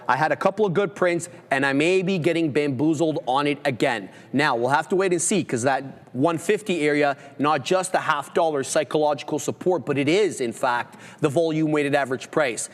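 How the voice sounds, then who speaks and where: Male trading-stream host, steady jargon-heavy commentary, a touch high, reverb on the voice. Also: moderate pace, hardly any pauses. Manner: steady technical play-by-play with jargon. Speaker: host trader. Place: studio, livestream.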